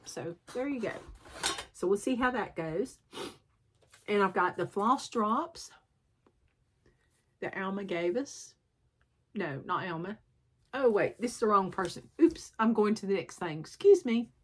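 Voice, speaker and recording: A woman with a sore throat, rambling and poking fun at herself as she shows off her stitching in a chatty show-and-tell vlog, clearing her throat often. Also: medium pitch, expressive, a little slow, pauses often. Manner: rambling, self-deprecating, frequent throat clearing. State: sore throat, sucking a cough drop. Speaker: cross-stitch vlogger.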